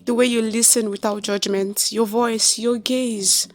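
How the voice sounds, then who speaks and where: A woman's voice: on the high side, steady tone, a little slow, faint music behind, lightly acted. Mary, a purring temptress, voiced by a woman. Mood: sultry. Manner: sultry, purring.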